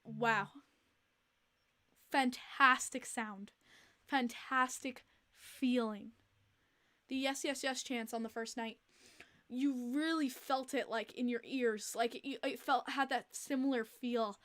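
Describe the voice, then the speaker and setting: A young woman hosting a podcast livestream, chatting casually in an animated, exasperated way and repeating herself, with many fillers. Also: fairly high pitch, slow pace, long pauses. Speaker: podcast host.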